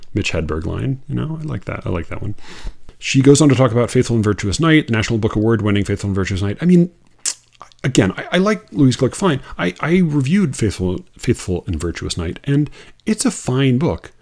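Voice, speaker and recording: A man's voice: fairly low pitch, vocal fry, darkish tone. A man reading out a poetry review and mocking it in an incredulous, exasperated monologue, with laughing asides. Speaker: poetry critic.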